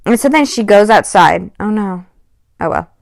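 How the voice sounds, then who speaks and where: A woman's voice: medium pitch, lively intonation, normal speed, creaky, no room sound, studio quality. A woman vlogging a casual storytime, rambling with lots of "like" and "um" and exasperated asides. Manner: rambling, heavy on "like" and "um".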